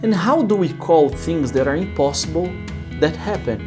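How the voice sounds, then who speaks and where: A man with a Brazilian accent, a native Portuguese speaker, teaching English through Bible stories with slow, patient explanations and frequent checks on the listener. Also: a little high, lively intonation, over music.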